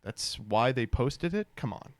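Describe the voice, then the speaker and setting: A man's voice: mid-range voice, expressive, a little slow, no room sound. A young man streaming, giving sardonic, incredulous reaction commentary with laughing asides.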